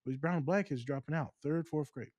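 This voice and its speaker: A man co-hosting a podcast, talking casually and telling stories in long, animated rants. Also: on the high side, quick pace, dry recording. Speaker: podcast co-host.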